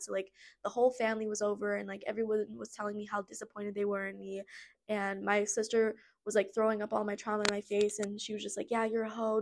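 A young adult woman hosting a podcast, telling her personal story in a candid, rambling way, with many fillers and some blunt swearing. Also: mid-range voice. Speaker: podcast host.

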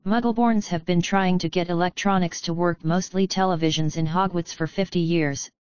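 A smug young nobleman, as a woman narrator plays him teases with dry sarcasm. Her voice is smooth and low. The recording sounds dry and a bit dull. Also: fairly even intonation, normal speed, dry recording, natural voice. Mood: lecturing. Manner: mocking, sarcastic.

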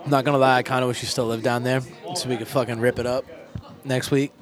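A man's voice: medium pitch, flat delivery, fast, over music. A young man hosting a casual comedic chat, joking crudely and laughing often.

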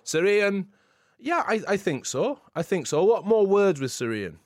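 A man co-hosting a podcast, telling animated stories with frequent laughter in casual chat. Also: sits high, normal speed, no room sound, studio quality. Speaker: podcast co-host.

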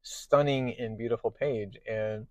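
A man hosting a podcast, casually recapping a comic book in a chatty way, with many pauses. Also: medium pitch, steady tone, a little mellow, no room sound. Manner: chatty, many fillers and restarts. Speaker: podcast host.

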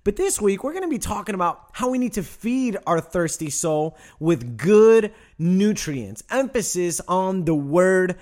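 A young adult male pastor preaching a sermon, emphatic and direct with the congregation, stretching out key phrases slowly. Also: high-pitched. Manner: animated preaching, emphatic with slow drawn-out phrases; addresses congregation directly, asks them to respond.

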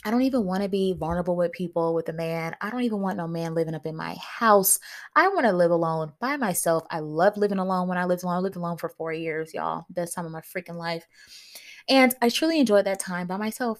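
A woman hosting her own podcast in casual solo talk, candid and playful, speaking straight to her listeners. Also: fairly low pitch. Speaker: podcast host.

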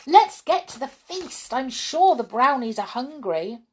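An eager storybook girl , voiced by a woman reader, pleads in a bright, lifted voice. She sounds cheerful and impatient, and she hurries toward the fun. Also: high-pitched, very animated, measured pace, breathy edge, pitched above the performer's own voice, exaggerated voice, poor audio.

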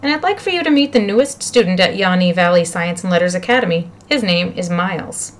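A woman's voice: lowish voice, expressive, fairly quick, close to an everyday voice. A woman voicing an earnest, helpful schoolboy who explains things eagerly and politely.

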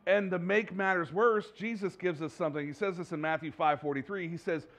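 A pastor giving a sermon in a conversational, rambling way, with many fillers and restarts and a joking, self-deprecating manner. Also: male voice, high-pitched, lively intonation, brisk, a bit bright. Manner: self-deprecating, jokes with the congregation.

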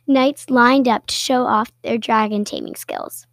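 A woman reading a children's picture book aloud with playful, expressive storytelling and little asides. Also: a little high, measured pace, hardly any pauses, dry recording. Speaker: storybook reader.

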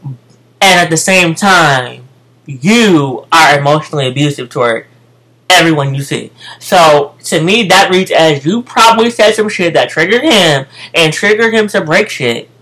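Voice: mid-range voice, animated, measured pace, a bit bright, rough recording. Profane American vlogger ranting. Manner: profane, emphatic, repeats phrases. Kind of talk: casual storytime rant.

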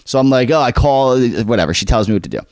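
A young man tells a story on a casual podcast, his pitch swinging widely as he acts out each person he quotes. He swears freely and jumps between voices. The sound is close and dry. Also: lively intonation, fast, darkish tone, no echo. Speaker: podcast co-host.

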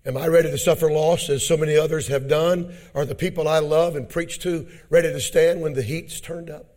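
A man delivers a fervent sermon to a church conference with a fairly high voice. He drops to hushed, almost whispered lines and then builds to shouted climaxes, calling his listeners brethren. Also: fairly even intonation, fairly quick. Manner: fervent preaching that swings from quiet to shouting; addresses the congregation as brethren. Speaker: pastor.

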